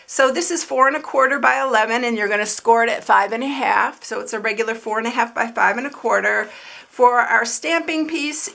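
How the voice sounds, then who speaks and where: Gushing woman with a gravelly edge. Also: on the high side, pushed and bright. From Texas. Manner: gushing, enthusiastic, chatty. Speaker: card-making demonstrator. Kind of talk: casual craft tutorial.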